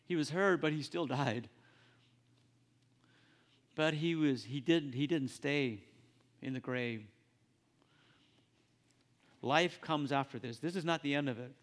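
A man preaching a sermon in an earnest, halting way, often repeating his phrases. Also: a little high. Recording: long reverb of a church hall.

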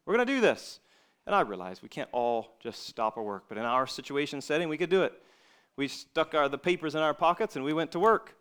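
A male preacher giving an earnest sermon to young people, swinging between loud emphasis and quiet asides. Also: on the high side, brisk, clean tone.

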